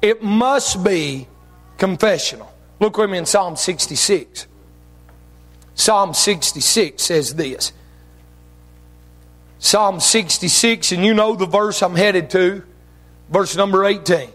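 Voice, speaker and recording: High-voiced preacher in a reverberant hall. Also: male voice, animated, soft background music. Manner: preaching with shouted emphasis and drawn-out phrases. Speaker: pastor. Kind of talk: sermon. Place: church sanctuary. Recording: long reverb of a church hall.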